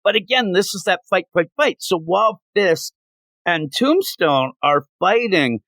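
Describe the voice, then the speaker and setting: A man reviewing comic books in casual chat, animated and acting out quotes in funny voices. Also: sits high, measured pace, no room sound.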